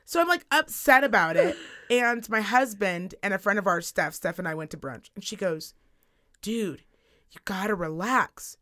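A woman in her thirties co-hosting a casual podcast, telling a story in an animated, profane rant. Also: mid-range voice, normal speed. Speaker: podcast co-host. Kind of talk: casual chat.

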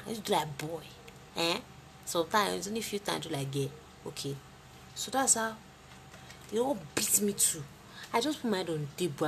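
A young woman with a Nigerian accent telling a personal story in a casual, dramatic way, with sudden leaps in pitch. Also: slight background noise. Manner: lively, dramatic retelling with sudden jumps in pitch.

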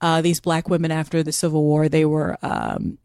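A woman co-hosting a podcast in animated casual chat, laughing often and digressing freely. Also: low-pitched, normal speed, creaky, dry recording, studio quality. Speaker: podcast co-host.

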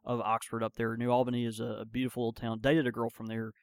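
A man from Mississippi with a deep Southern accent, co-hosting a podcast, joking and teasing in casual chat. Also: level tone, smooth, dry recording. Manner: joking, teasing, quick with trivia. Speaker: podcast co-host.

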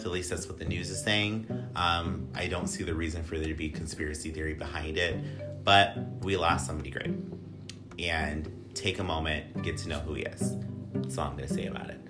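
A man hosting a casual podcast, joking and rambling with filler words and asides. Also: sits low. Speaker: podcast host.

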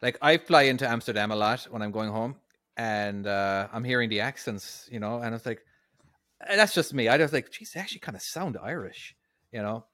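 A man in a casual podcast chat, talking quickly with apologetic asides and many restarts. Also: medium pitch, fairly bright tone, no echo.

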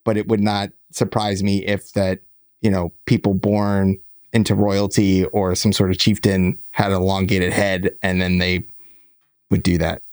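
A man with a low voice weighs his points with hedges and a dry wit. The sound is close and dry, with no room around it. It sounds like an easygoing group conversation. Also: level tone, measured pace, dry recording. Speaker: podcast co-host. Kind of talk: casual chat.

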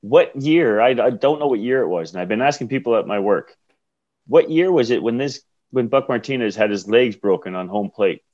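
A man's voice: medium pitch, lively intonation, normal speed, a little mellow. A man hosts a loose sports podcast chat, laughing often and swearing with brash delight. The sound is a bit dull and lo-fi. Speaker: podcast host.

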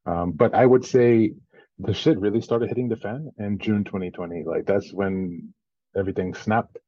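A man's voice: fairly low pitch, moderate pace, breathy edge, no echo, muffled recording. A man from Central Virginia with a slightly French-tinged accent, chatting casually as a podcast guest, laughing often and swearing easily. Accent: slightly French-tinged mix. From Central Virginia, USA. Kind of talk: casual interview chat.

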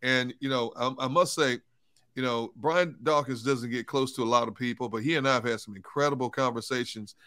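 A man co-hosting a sports talk show, telling a story in a casual, animated way. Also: medium pitch, brisk. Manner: animated storyteller, laughs as he tells stories. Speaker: co-host, sports reporter.

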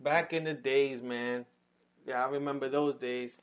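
A man's voice: medium pitch, steady tone, measured pace, smooth. A man, chatting casually and profanely as podcast co-host. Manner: laid-back, frequent backchannel agreement, profane. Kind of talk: casual chat.

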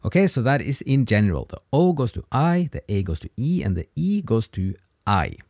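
A man teaching a grammar lesson, patient and encouraging, pausing so learners can answer before he gives the form. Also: medium pitch, sing-song, a little mellow, no room sound, studio quality. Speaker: language teacher.

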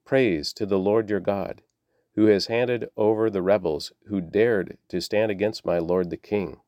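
A man's voice: fairly low pitch, fairly even intonation, a little slow, mellow, no room sound, dull audio, lightly acted. A man reading the lines of an eager young male messenger, pleading and keen.

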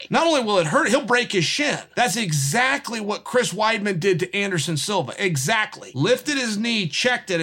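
A middle-aged man, a former fighter, casually breaking down fight technique and telling stories with emphatic repetition. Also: sits high. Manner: animated storytelling, emphatic repetition. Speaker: podcast host and former fighter. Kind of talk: casual fight analysis monologue.

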